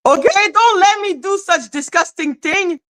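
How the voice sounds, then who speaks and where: A woman hosting a casual live stream, bluntly scolding her chat with profanity and sudden swings between high exclaims and low asides. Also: unhurried, a bit bright. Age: adult, former high school teacher.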